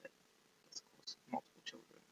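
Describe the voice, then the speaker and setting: A man's voice: normal speed, pushed and bright. A man giving a casual, rambling film review, often losing his train of thought and filling gaps with ums. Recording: faint background noise, poor audio.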